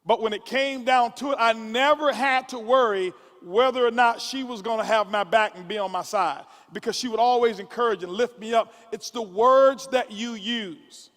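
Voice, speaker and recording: A man with a high, light voice speaks to a crowded conference hall, his words ringing with long reverb. He repeats himself in quick restarts and builds his points like a preacher. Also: a bit bright. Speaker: motivational speaker. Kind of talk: motivational speech to a conference audience.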